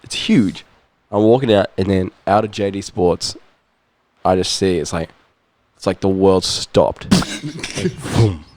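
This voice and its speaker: A man with a New Zealand accent, a guest musician, telling a story in casual chat, animated, laughing often and swearing freely. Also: low-pitched, measured pace, pauses often, slight background noise. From New Zealand, Auckland.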